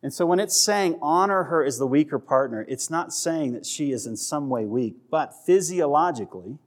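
Conversational male preacher, fairly high voice. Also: lively intonation, normal speed. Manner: conversational, checks in with the audience, acts out voices for humor. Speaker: pastor. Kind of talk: sermon.

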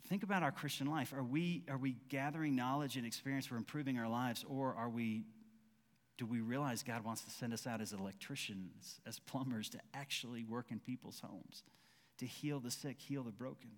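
A man's voice: mid-range voice, normal speed, in a large hall. A man preaching a conversational sermon as pastor, acting out quoted dialogue with frequent restarts.

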